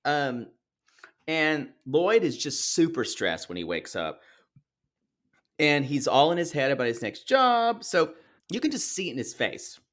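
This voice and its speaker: A man's voice: a little high, big pitch swings, unhurried, a bit bright. A man co-hosting a podcast, recapping a reality show with bawdy, giggly banter. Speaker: podcast co-host. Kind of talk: casual recap chat.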